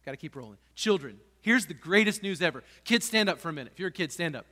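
Bright-voiced man preaching in a church hall. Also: on the high side, lively intonation, fast. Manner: passionate preaching with rising, emphatic peaks. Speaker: pastor. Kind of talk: sermon. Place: church sanctuary.

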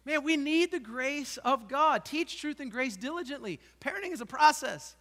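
A high, bright-voiced man preaches a passionate sermon, pushing his voice up to emphatic peaks. His words ring out with the long reverb of a church hall. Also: expressive, moderate pace, few pauses. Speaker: pastor. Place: church sanctuary.

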